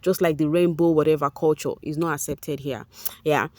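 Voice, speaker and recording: Deep-voiced and moderately paced, a Nigerian-accented woman hosts a gossipy vlog, speaking directly and excitedly to her "guys" as she reads and reacts to fan posts. There's no echo.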